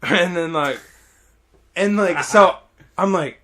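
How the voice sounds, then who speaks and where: A man hosting a podcast, telling a story in casual chat, animated, laughing often and swearing freely. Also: high voice, takes it slowly.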